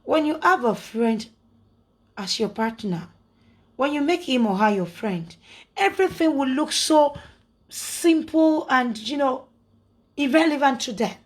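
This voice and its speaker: Indignant Nigerian woman, higher voice. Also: unhurried, pauses often. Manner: indignant, preachy, rhetorical questions. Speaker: social media personality. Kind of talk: casual monologue to followers.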